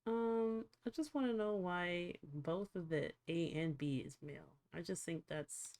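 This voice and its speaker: A woman streamer chatting casually to her viewers, swearing freely and reacting out loud while she fiddles with settings. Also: on the low side, unhurried. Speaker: livestreamer. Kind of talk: casual livestream chat.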